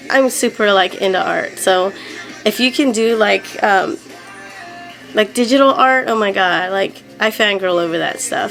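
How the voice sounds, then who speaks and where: A young woman excitedly chatting on camera at home as she unboxes a package, giggling often and filling her talk with 'like'. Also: medium pitch, poor audio. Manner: bubbly and giggly, lots of 'like' fillers. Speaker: doll collector vlogger. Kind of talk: casual unboxing chat. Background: background music.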